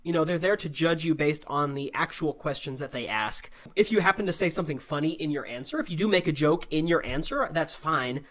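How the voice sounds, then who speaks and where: American man, English teacher, live Q&A over video call, patient explanations, fairly high voice. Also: expressive, brisk, few pauses, fairly bright tone. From United States. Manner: explains patiently, often checks in with "right?". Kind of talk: live online Q&A lesson.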